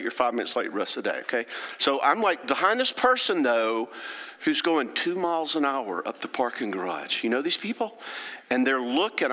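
A man's voice: mid-range voice, sharp tone. Folksy man lecturing in a large hall. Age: middle-aged. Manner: folksy, chatty, checks in with the audience. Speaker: therapist giving a talk. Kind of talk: lecture to an audience. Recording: long hall reverb.

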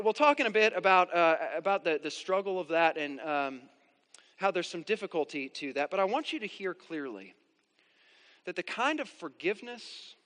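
Bright-voiced man preaching in a hall. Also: high-pitched. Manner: earnest, emphatic, with frequent restarts. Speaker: pastor. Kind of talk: sermon. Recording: reverberant hall.

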